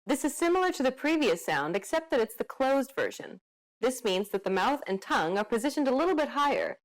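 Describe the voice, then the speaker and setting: A woman explains pronunciation in clear, scripted lesson narration. Her voice is slightly high, and her intonation rises and falls in a lively way. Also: brisk.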